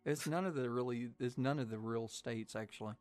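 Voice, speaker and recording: A man with a mixed Southern US and Irish accent, hosting a casual podcast, sounding a little rough and lower than usual because he feels ill. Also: fairly quick, darkish tone, faint music behind. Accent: mix of Southern US and Irish. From Arkansas. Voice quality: low, slightly rough. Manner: blunt, profane, storytelling. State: under the weather, voice deeper than usual. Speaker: podcast host.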